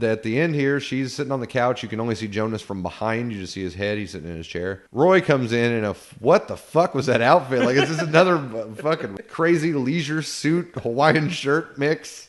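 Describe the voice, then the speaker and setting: A man co-hosting a casual review chat, retelling scenes and swearing freely. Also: mid-range voice. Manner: retells scenes with quick put-on character voices, swears often. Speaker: podcast co-host reviewing a horror episode.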